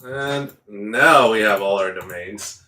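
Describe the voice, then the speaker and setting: A man hosts a let's play of a strategy game with casual commentary, slipping into playful mock outrage as his ruler. His fairly low voice has a sharp tone and a slow pace. He sounds distant from the mic, with roomy echo.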